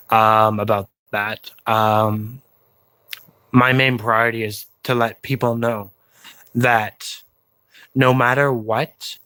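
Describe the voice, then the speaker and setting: Slow, earnest man talking to viewers. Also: fairly low pitch, bright, forceful tone, dry recording. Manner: slow, halting delivery with pauses and fillers; encouraging, plain-spoken. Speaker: YouTube vlogger.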